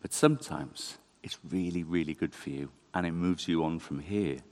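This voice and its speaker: A man giving a conversational, animated sermon in a church. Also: deep voice, normal speed. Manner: conversational, animated, self-deprecating. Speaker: preacher.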